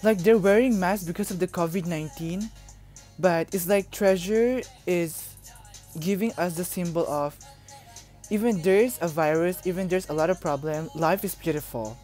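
A woman's voice: lowish voice, moderate pace, dark tone. A young woman from the Philippines, gushing and emotional as she reacts to a music video, exclaiming often.

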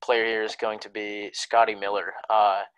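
A man's voice: fairly low pitch, flat delivery, moderate pace, fairly bright tone, clean tone, no room sound, poor audio. A young man co-hosting a casual sports podcast, laid-back and jokey, rambling a little. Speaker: podcast co-host.

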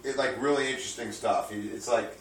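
A man's voice: medium pitch, fast talker, echoey room, far from the mic. A man co-hosting a casual online metal show and rambling through music news with lots of "like.". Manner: rambling, full of "like". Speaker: co-host presenting music news. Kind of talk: casual banter.

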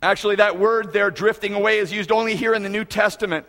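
Recorded in a reverberant church auditorium, a man preaches as pastor with earnest emphasis, repeating phrases to drive points home. His voice is high-pitched, a bit bright and steady in tone, and he speaks fast.

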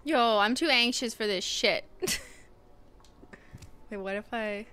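Game music plays behind a woman streaming live, who swears freely and lets out anxious squeals amid her casual commentary. She speaks slowly in a fairly high, pushed, bright voice, and the sound is clean.

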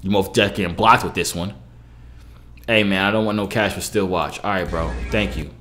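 A man's voice: low-pitched, steady tone, normal speed, fairly bright tone, slight background noise. A young man hosting a reaction video, sounding unimpressed, complaining that nothing is funny and pleading with his viewers. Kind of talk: casual reaction commentary.

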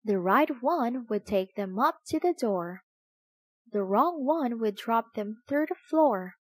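High, lively woman reading a children's story. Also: no echo. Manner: slow, expressive, sing-song. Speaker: storybook reader. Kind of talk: children's story read aloud.

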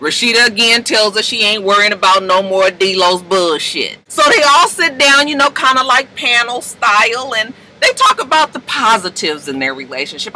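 A young woman giving a casual, profane, sassy recap of a reality show, often jumping into high, excited voices to quote people. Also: normal speed, slight background noise, low-quality recording.

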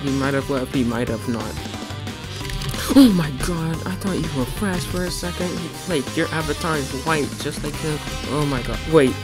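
A man giving casual gameplay commentary and voice-over, prone to sudden excited outbursts. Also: on the high side. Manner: excitable, quick outbursts of exclamation. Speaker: gaming channel host. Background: background music.

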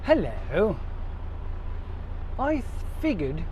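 A man with a high voice talks slowly and jokily from his lorry cab, narrating his drive and swearing freely. A loud rumble of engine and road noise fills the recording behind him. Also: wildly swooping pitch. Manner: jokey, chatty, swears freely. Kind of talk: casual running commentary while driving.

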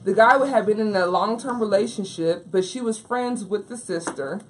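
A woman's voice: medium pitch, moderate pace, a little hiss or hum, low-quality recording. A woman co-hosting a casual livestream chat, blunt and emphatic, full of slang. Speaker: co-host.

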